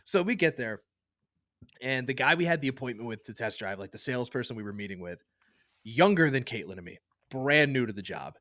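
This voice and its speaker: A man co-hosting a podcast, telling a story in a casual, animated, profane way and acting out other people's lines. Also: mid-range voice, a little fast, dry recording, studio quality. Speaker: podcast co-host.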